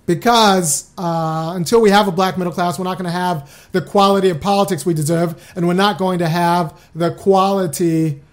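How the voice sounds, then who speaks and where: A loose, chatty live-stream host who talks straight to the audience. The voice sits at a middling pitch, and the host keeps breaking off mid-sentence to start over. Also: steady tone, moderate pace, hardly any pauses. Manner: chatty and loose, restarts often, speaks straight to viewers. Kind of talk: casual live-stream talk.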